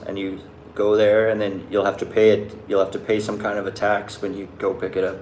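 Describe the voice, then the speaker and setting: A young Canadian vlogger answers live chat questions in a loose, rambling way, full of "like" and restarts. His voice is fairly low, dark and completely flat, moving a little fast. The room sounds spacious, with a slight hiss or hum.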